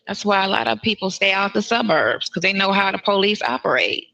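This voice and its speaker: A woman's voice: mid-range voice, normal speed, hardly any pauses, bright, forceful tone. A woman on a phone call, outspoken and supportive, swearing freely. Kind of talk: casual phone conversation.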